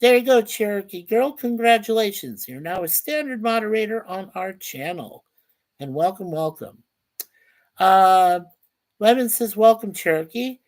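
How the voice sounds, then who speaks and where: A man's voice: high-pitched, expressive, measured pace. A man, possibly middle-aged, hosting a casual livestream. He chats about his picks, reads viewer comments aloud, and greets people by name, often stumbling and repeating words. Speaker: livestream host.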